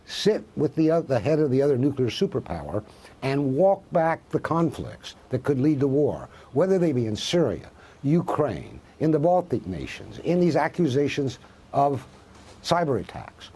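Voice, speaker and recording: A man's voice: mid-range voice, sing-song, moderate pace, mellow, husky. A man, a professor and guest on a cable news interview, making emphatic points through rhetorical questions.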